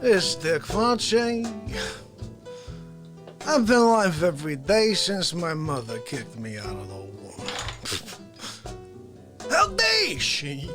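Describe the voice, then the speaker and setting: A brash, boastful male politician parody, put on by a man hosting a comedy show. He talks in a high, swooping voice at an unhurried pace, jumping from sudden shouts to hushed asides. The act is loud and over the top. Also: full character voice. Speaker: show host. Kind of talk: unscripted comedy character monologue.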